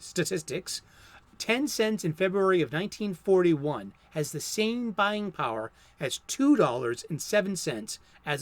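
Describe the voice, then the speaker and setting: A man in his fifties talks his way through a comic book monologue with firm opinions. His voice sits a bit higher than most men's. He speaks conversationally and sometimes stumbles and restarts a phrase. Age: 50s. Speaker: comic book video host. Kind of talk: casual monologue.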